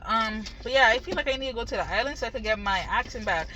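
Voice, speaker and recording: A woman's voice: a little high, lively intonation, fast, few pauses, bright, forceful tone, a little hiss or hum, poor audio. A young woman from the Caribbean talking in a loose, rambling way, full of slang and swearing. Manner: loose, slangy, cursing freely. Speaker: vlogger. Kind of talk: casual rambling monologue.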